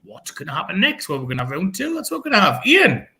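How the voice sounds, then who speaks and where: A man's voice: high voice, huge pitch swings, pushed and bright. A British man hosting a pun contest, playful and laughing between jokes. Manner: playful, laughing, drawn-out words. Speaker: comedy show host.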